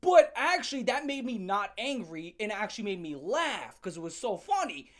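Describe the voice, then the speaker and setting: A woman telling a comic story as a channel host, in a sarcastic, profane and animated rant. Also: mid-range voice, normal speed, a crowd in the background.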